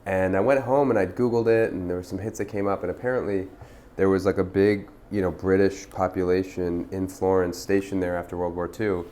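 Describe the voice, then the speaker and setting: A man in his thirties, a restaurant founder, telling stories in a relaxed, chatty way full of fillers. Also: low voice, fairly quick. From United States. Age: 30s. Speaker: restaurant founder, podcast guest. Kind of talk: casual conversational storytelling.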